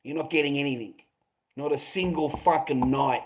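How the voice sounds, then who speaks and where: Fairly high in pitch and moderately paced, an Australian man hosts a livestream, casually answering his viewers. His advice is blunt, his swearing constant, and he calls everyone mate.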